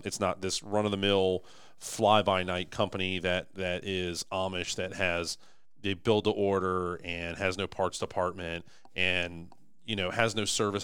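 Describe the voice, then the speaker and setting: A young man chatting enthusiastically on a podcast about his company, his voice going hoarse. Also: low voice, fairly bright tone, dry recording. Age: young adult. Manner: enthusiastic, emphatic salesman. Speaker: podcast host, manufacturing company owner. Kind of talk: casual podcast chat.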